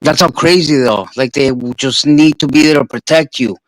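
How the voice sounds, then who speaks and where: A man's voice: medium pitch, fairly quick, no echo, low-quality recording. A man with a New York accent, a streamer swapping stories in a casual, profane chat. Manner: profane, animated storyteller.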